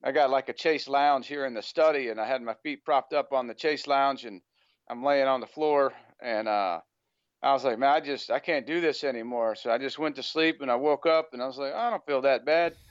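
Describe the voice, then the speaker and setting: A man's voice: medium pitch, fairly quick, clear, resonant tone, no room sound, lo-fi sound. An American man speaking as a guest on an interview podcast, talking casually with a rambling flow full of "you know" fillers. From United States.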